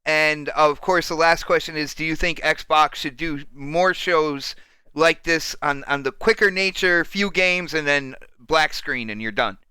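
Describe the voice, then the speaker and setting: Male podcast host, casual panel chat, excitable, teasing, bright crisp voice, dry close sound. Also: fairly high pitch, measured pace, no room sound. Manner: excitable, teasing, calls people dude and man.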